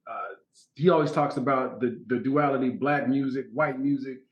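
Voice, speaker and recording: A man's voice: mid-range voice, moderate pace, roomy sound, lo-fi sound. A man being interviewed as a guest actor, telling stories casually and acting out quotes. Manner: animated storyteller, acts out quotes, laughs often.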